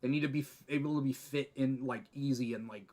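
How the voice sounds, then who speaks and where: A man hosting a casual comics chat, excitable and opinionated, swearing now and then. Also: mid-range voice, fast talker. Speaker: host.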